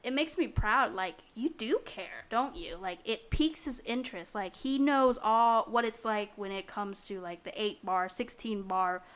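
A woman's voice: mid-range voice, a little slow, hardly any pauses, clear, resonant tone. A woman co-hosting a podcast, explaining things in a rambling casual chat with lots of fillers. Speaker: podcast co-host.

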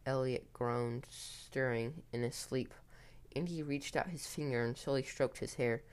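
A man telling a first-person horror story in a tense, hurried way with occasional restarts. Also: medium pitch, fairly even intonation, smooth.

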